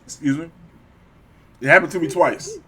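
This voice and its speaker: A man's voice: fairly high pitch, normal speed, fairly bright tone, husky. A middle-aged man co-hosting a podcast, talking casually and profanely, often acting out quoted voices. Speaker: podcast co-host. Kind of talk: casual chat.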